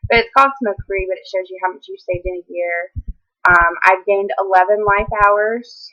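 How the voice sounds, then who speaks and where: A woman's voice: medium pitch, fairly even intonation, normal speed. A young woman chatting casually to camera, rambling with many ums and restarts, at times close to tears. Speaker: vlogger. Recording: tinny phone-like sound.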